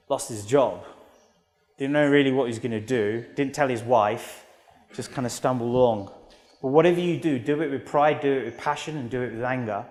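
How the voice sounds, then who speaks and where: A British man in his thirties giving an energetic motivational keynote in a large auditorium, telling stories with acted-out quotes. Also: medium pitch. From United Kingdom. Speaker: motivational speaker. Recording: long hall reverb.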